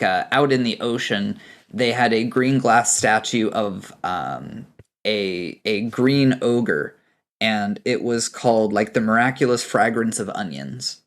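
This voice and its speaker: A man's voice: lowish voice, slow. A young man narrating a tabletop game as game master, rambling with many fillers.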